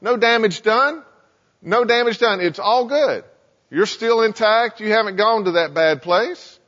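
Wheedling male tempter devil, flattering and coaxing, played by a male preacher. Sounds high and lifted, in an echoey hall. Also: a little slow, dull audio. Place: church sanctuary.

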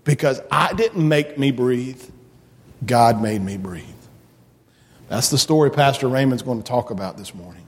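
A man's voice: medium pitch, animated, normal speed, big-room sound. A man giving a children's message in church, asking children playful questions and leading a prayer. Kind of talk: children's sermon. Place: church sanctuary.

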